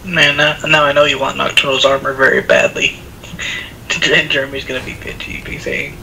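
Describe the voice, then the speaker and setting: A man's voice: medium pitch, little pitch movement, moderate pace, gravelly, sharp tone, a little hiss or hum, low-quality recording. A man joking around and commenting casually while playing a game on a live stream, laughing often. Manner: playful, jokey, laughs a lot.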